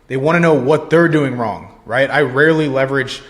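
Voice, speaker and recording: A young man with a mid-range voice talks fairly quickly, giving a casual sales lesson as a sales coach. He's blunt and confident, swears freely, and tags his lines with "right?".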